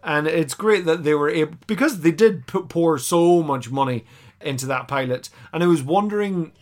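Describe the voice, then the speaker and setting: Man, podcast co-host, casual recap, slightly high voice, lively, mimics characters. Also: moderate pace. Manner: animated, acts out characters' lines mid-recap.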